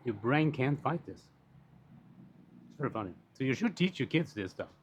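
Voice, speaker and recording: A man's voice: medium pitch, animated, moderate pace, slight background noise. Blunt, swearing man ranting on a dull recording. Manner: blunt, rambling, swears freely. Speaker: commentator on social issues. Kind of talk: casual unscripted monologue.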